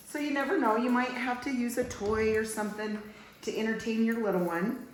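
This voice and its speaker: A woman's voice: a little high, steady tone, fairly quick, a little hiss or hum. A woman hairstylist giving a casual haircut tutorial, chatting and cooing in baby talk to a toddler as she works. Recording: roomy room echo.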